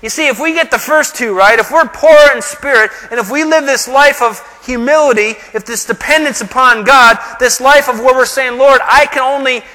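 A man's voice: very high-pitched, moderate pace, hardly any pauses, bright, forceful tone, long reverb tail. A middle-aged male pastor preaching a sermon in a conversational, emphatic way, full of rhetorical questions.

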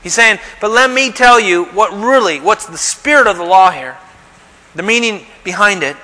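A man's voice: sits high, animated, moderate pace, bright, forceful tone, big-room sound, rough recording. A man preaching a sermon, asking rhetorical questions and acting out the quotes he reads. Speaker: pastor.

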